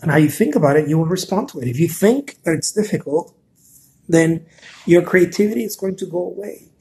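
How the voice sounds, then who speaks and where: A man's voice: high voice, animated, a little fast, darkish tone, a little hiss or hum. A man hosting a casual live stream, talking earnestly and encouragingly, often repeating words and answering viewer comments.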